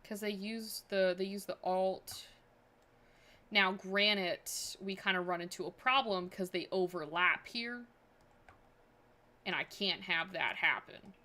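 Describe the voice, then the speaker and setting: Woman, game streamer, casual chat, rambling thoughts, mid pitch. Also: takes it slowly, sharp tone. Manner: thinking aloud, chatty, filler-heavy.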